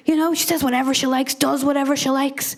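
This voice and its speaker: A young woman performs stand-up into a handheld mic on a comedy club stage. Her voice sits a little high, and her delivery is loose, chatty and profane. She mocks herself and laughs along with her own jokes. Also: fairly even intonation, fast talker.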